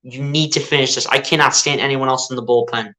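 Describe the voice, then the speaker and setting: A young man giving casual fan play-by-play of a baseball game, excitable and pleading with the players. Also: mid-range voice, fast. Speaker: fan streaming live play-by-play.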